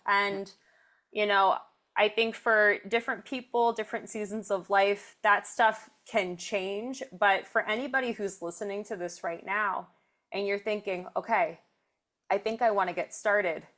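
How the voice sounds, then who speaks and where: A woman hosts a podcast and speaks as a strength coach, her voice in the middle range. She gives earnest, encouraging advice in a relaxed conversational tone. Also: mid-range voice. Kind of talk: casual interview chat.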